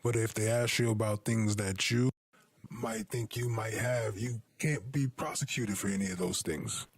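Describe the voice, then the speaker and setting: Low husky guy, lawyer-ish, calm and reassuring, dry sound. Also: normal speed, no echo. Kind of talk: courtroom explanation.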